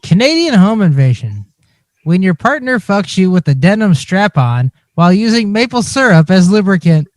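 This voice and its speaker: A man's voice: high-pitched, very animated, normal speed, darkish tone, no echo. A man co-hosting a comedy podcast, quizzing the others on crude slang definitions. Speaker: podcast co-host running a quiz segment.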